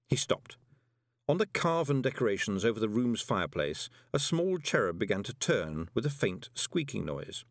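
Expressive male audiobook narrator. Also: lowish voice, moderate pace, dry recording, clean studio sound. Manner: expressive, many voices. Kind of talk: scripted narration.

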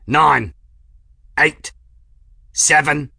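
A man voicing a gruff, hard-driving male ship engineer who shouts orders and growls. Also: lowish voice, normal speed, no echo, clean studio sound. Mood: bellowing.

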